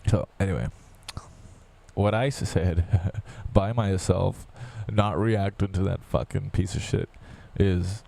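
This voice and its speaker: A man's voice: sits low, steady tone, slow pace, creaky, dark tone. A man from the United States talking in a casual, profane, rambling rant full of restarts. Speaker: vlogger.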